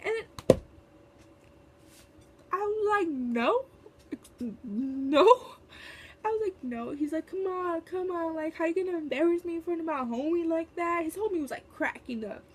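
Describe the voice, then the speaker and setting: A woman's voice: very high-pitched, normal speed, darkish tone. A young woman telling a storytime vlog in casual, chatty talk, full of fillers and sassy asides. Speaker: vlogger.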